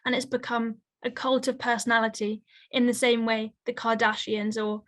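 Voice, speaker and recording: A woman's voice: a little high, little pitch movement, moderate pace, a bit bright. Earnest young woman, level-voiced. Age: young adult. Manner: articulate, earnest, fluent. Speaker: guest, young conservationist and author. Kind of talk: conversational interview answers.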